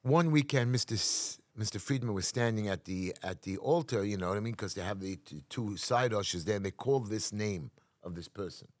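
Male New community activist, interview guest; low-pitched, emphatic storyteller, dry recording. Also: fairly quick, dry recording. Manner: emphatic, acts out quotes, restarts often.

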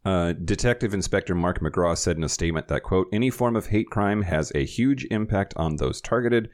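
A man with a deep, low-pitched voice runs through the week's news on a podcast. He keeps it conversational, pausing for wry side comments and quick laughs. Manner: reads news items with wry asides and laughs. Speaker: podcast host. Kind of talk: casual news rundown.

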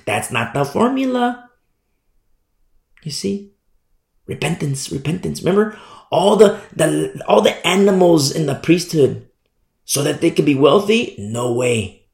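Impassioned male pastor, gravelly, echoing hall, emphatic repetition. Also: animated, unhurried, long pauses. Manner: impassioned, emphatic preaching with big swings in pitch and loudness; repeats words for emphasis, acts out quoted voices. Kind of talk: sermon.

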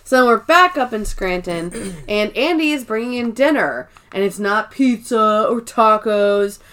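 Co-host, female, slightly high voice, fast lively recap storyteller. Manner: quick, animated storytelling with acted-out quotes. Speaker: podcast co-host. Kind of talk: casual recap chat.

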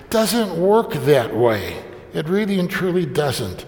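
A man's voice: on the high side, big pitch swings, slow pace, darkish tone, big-room sound. An older man telling a family story in a sermon, folksy and anecdotal, slipping briefly into the voices of the people in it. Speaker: preacher.

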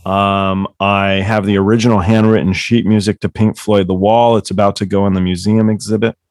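A man's voice: fairly low pitch, little pitch movement, brisk, darkish tone, dry recording, studio quality. A man telling rambling, profane stories as the author guest on a casual book club chat. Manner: rambling, profane, laughing storyteller.

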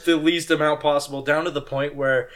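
A man's voice: on the high side, little pitch movement, a little fast, a bit bright. A young adult man co-hosting a podcast in casual chat, playful and laughing often. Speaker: podcast co-host.

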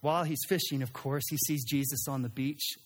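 A man preaching a sermon in an animated way, acting out quoted lines and sometimes restarting his sentences. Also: medium pitch, fairly quick. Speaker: pastor.

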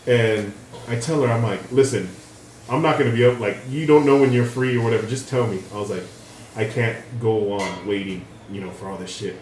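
A young man co-hosting a podcast, chatting casually and telling stories animatedly, swearing and jumping his voice high when he quotes people. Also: fairly quick, a little mellow. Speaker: podcast co-host. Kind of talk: casual chat, storytelling. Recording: roomy room, voice slightly off-mic, faint noise.

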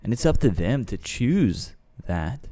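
A man's voice: medium pitch, sing-song, a little slow, warm tone. A man co-hosting a faith podcast, reflecting thoughtfully on repentance. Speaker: podcast co-host. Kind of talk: casual faith discussion.

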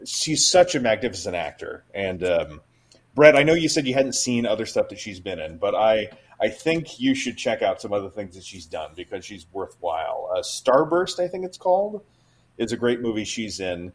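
A man with a low, husky voice talks eagerly about performances and scenes in a casual podcast chat. His tone is warm with admiration. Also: sing-song, moderate pace. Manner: enthusiastic, fond of film acting. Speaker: podcast co-host. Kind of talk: casual film discussion.

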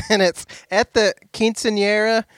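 A man's voice: high-pitched, little pitch movement, unhurried, a bit bright, dry recording, clean studio sound. A man co-hosting a casual movie review podcast, giggling often as he tells his story. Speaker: podcast co-host.

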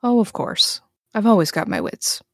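A woman's voice: medium pitch, huge pitch swings, moderate pace, dry recording, studio quality. A woman voicing a seasoned adult scavenger who is cocky but protective, reassuring family on a call and brushing off worry.

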